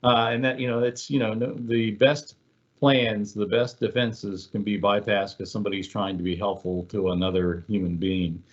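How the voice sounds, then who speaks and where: A man's voice: on the low side, little pitch movement, normal speed, dull audio. A man giving a webinar presentation in a casual, conversational way, telling examples with many fillers. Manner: conversational, filler-heavy, storytelling.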